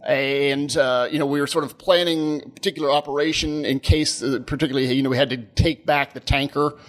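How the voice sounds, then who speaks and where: Male co-host, 30s, higher-pitched, rambling and laugh-prone storyteller. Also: fairly quick. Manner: animated, rambling, laughs often. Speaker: podcast co-host. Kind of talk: casual storytelling chat.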